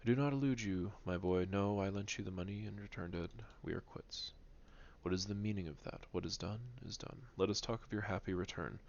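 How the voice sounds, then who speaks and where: A man voicing a grinning, fawning neighbor tailor in a read-aloud novel, loud and chummy. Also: low-pitched, a little fast, gravelly, lo-fi sound.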